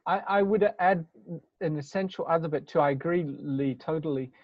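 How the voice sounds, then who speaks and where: A man's voice: a little high, moderate pace. A man speaking reflectively on a webinar about communication, searching for his phrasing and restarting words as he goes. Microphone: video call. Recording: dull lo-fi webinar audio.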